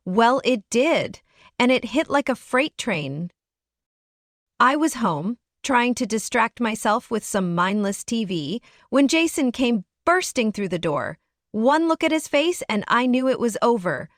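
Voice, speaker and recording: A woman's voice: on the high side, no echo, clean studio sound. A woman narrating a dramatic first-person story in an earnest, emotional way.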